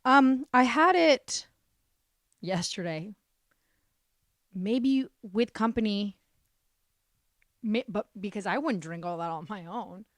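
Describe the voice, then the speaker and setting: Speaking slowly and animatedly in a mid-range voice, a young woman hosts her podcast alone, leaving long pauses. She mocks herself with sarcasm, curses freely, and has a slightly stuffy, cold-affected sound. The audio is clean studio quality without echo.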